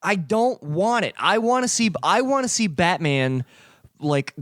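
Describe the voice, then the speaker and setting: A man's voice: high voice, lively intonation, unhurried, fairly bright tone, no room sound, studio quality. A man co-hosting a podcast, joking in casual comedic chat and laughing often. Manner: joking, laughs often, mock voices in quotes. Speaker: podcast co-host.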